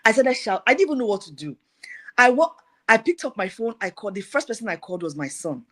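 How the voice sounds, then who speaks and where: A middle-aged woman giving a personal testimony, retelling events in a lively way with repeated phrases. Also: on the high side, fast talker.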